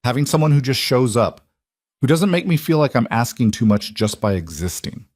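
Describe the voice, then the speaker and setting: A man's voice: medium pitch, big pitch swings, a little fast, darkish tone, no room sound, studio quality, voice pushed up. A man voicing an anxious, grateful single mother in a narrated story, speaking earnestly and emotionally.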